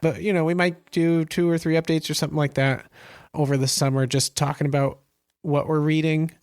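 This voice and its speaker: A man co-hosting a podcast in casual chat, relaxed and laid-back. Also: a little high, brisk, clear, resonant tone, no echo, studio quality. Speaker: podcast co-host.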